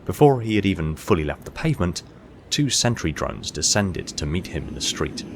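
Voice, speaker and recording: A man narrating an audiobook short story in a steady, measured storytelling manner. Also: sits low, a little hiss or hum.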